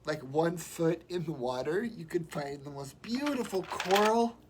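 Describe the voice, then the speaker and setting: A man chatting and rambling warmly on a live stream from home while sick, showing gifts and telling stories. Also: on the high side, lively intonation, measured pace, slight background noise. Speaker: vlogger. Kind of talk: casual live-stream chat.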